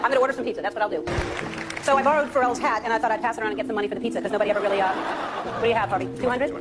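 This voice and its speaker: Chatty woman host over a loud crowd. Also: on the high side, rapid-fire, very noisy.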